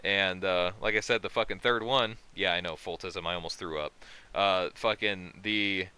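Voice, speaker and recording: A man's voice: low-pitched, steady tone, normal speed, sharp tone, smooth. A man hosting a casual podcast chat, telling a rambling, profane story with many fillers. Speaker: podcast host.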